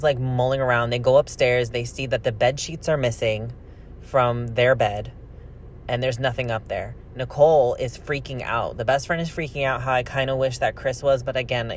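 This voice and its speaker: A man casually narrating a true crime story with an opinionated, animated delivery while he opens trading cards. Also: medium pitch, slight background noise. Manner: chatty, opinionated, animated retelling. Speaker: card-opening vlogger telling a true crime story.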